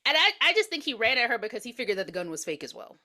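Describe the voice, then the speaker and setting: Bright, lively woman podcast co-host. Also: a little high, rapid-fire. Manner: blunt, sarcastic, swears, quotes characters. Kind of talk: casual movie review chat.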